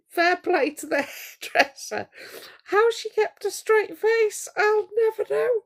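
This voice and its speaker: A woman's voice: extremely high pitch, lively intonation, takes it slowly. A woman hosting a casual live stream, chatting to viewers in a gossipy, teasing way.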